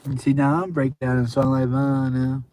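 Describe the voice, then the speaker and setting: A man's voice: mid-range voice, little pitch movement, moderate pace, warm tone. Tipsy rambling man hosting a show. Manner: rambling, sing-song, swearing often. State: tipsy from drinking. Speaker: show host. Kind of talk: casual livestream chat.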